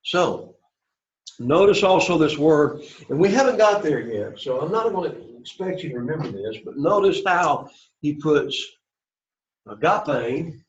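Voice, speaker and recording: A man's voice: on the high side, expressive, a little slow. A man teaching an introductory Greek class in a classroom, repeating phrases and often checking in with "right?" and "okay?". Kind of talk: classroom lecture. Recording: roomy classroom, dull lo-fi sound.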